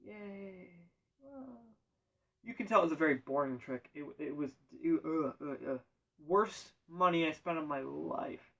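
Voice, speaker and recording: A man telling a rambling comic story in a deadpan way, often correcting himself and adding absurd asides. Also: a little high, normal speed, creaky, distant mic, rough recording.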